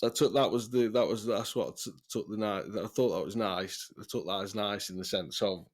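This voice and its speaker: A man's voice: fairly low pitch, normal speed. A man telling a rambling, sweary story in casual podcast chat, often breaking into laughter. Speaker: podcast host.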